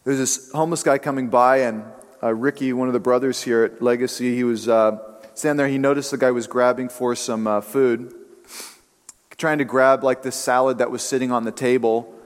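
A man's voice: medium pitch, steady tone, normal speed, long reverb tail. A male pastor giving a sermon in a conversational, storytelling way, with casual fillers.

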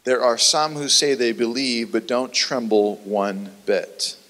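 A man preaching a sermon in an earnest, conversational way that sometimes turns animated. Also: medium pitch, takes it slowly. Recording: long hall reverb.

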